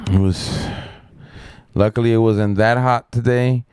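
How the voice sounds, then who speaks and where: A middle-aged man rambling through a profane story on a casual live stream, with lots of fillers and a sharply higher voice when he quotes other people. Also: steady tone, drawn-out words, pauses often, clean tone, no room sound, clean studio sound. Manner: raises pitch sharply when quoting others.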